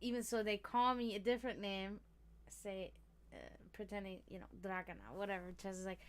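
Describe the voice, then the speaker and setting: A woman's voice: fairly high pitch, lively intonation, normal speed, fairly bright tone. A woman hosting a casual livestream, rambling freely, swearing a lot and laughing often as she talks. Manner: chatty, profane, laughs often. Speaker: livestream host.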